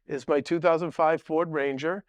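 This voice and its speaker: A man's voice: on the high side, fairly even intonation, moderate pace, dry recording. A middle-aged man who is a guest on a podcast, telling long stories in a rambling way with many restarts and asides. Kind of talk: casual storytelling.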